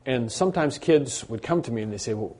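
Mellow-voiced man preaching a sermon. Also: medium pitch, animated, quick pace. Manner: unscripted preaching with restarts, rising and louder on emphatic points. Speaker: pastor.

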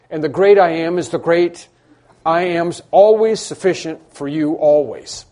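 Warm-toned preacher acting out pleas. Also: male voice, fairly high pitch. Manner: dramatic, acts out quoted pleas with rising intensity. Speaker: pastor. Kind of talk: sermon.

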